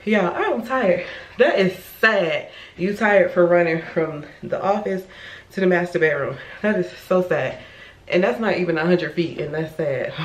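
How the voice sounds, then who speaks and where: A woman vlogger from Florida chatting casually at home, rambling and often correcting herself mid-sentence. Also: on the low side. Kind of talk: casual vlog chat. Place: her home. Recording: echoey room with faint noise.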